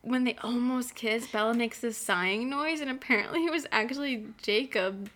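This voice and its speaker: A woman's voice: fairly high pitch, normal speed, a bit bright. A young woman co-hosting a podcast, chatting casually, giggling often and trailing off mid-sentence. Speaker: podcast co-host. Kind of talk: casual chat.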